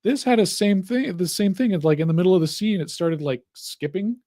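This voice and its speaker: Young male co-host, slightly higher voice, acts out every quote. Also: brisk, no room sound, studio quality. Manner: animated storyteller acting out quotes. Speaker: podcast co-host. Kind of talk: casual chat.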